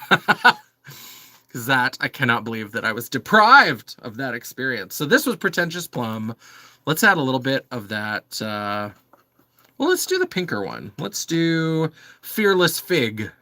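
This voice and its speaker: A man's voice: mid-range voice, creaky, pushed and bright, dry recording. A man hosting a live makeup stream, chatting casually with many fillers and answering viewers' comments. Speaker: livestream host. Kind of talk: casual makeup livestream chat.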